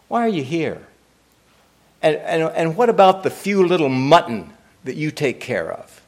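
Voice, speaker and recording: A man's voice: on the high side, lively intonation, moderate pace. A man delivering a sermon as pastor, emphatic and repetitive, asking rhetorical questions.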